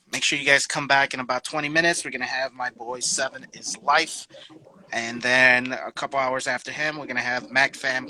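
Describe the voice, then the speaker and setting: A man's voice: medium pitch, pushed and bright, slight background noise, rough recording. A man hosting a casual interview show, hyped and slangy, calling his guest bro and dude and repeating words as he talks. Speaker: host. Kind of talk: casual chat.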